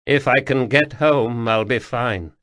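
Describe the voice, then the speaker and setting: A man's voice: mid-range voice, a little slow, a bit bright, lightly acted. A man reading an audiobook voices the ghost of a wounded male soldier who begs for help in a ragged, pleading way.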